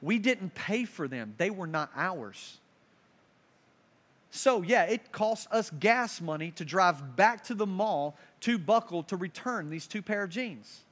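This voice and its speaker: Young male preacher, high bright voice, animated storytelling sermon. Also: measured pace. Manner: animated storyteller, swings between loud and hushed. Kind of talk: sermon with personal stories.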